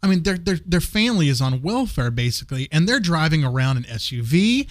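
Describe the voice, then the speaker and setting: With a fairly high voice, big pitch swings, and a brisk pace, a man earnestly co-hosts a casual Christian discussion podcast, frequently repeating words as he hunts for the right phrasing. The audio is studio quality with no echo.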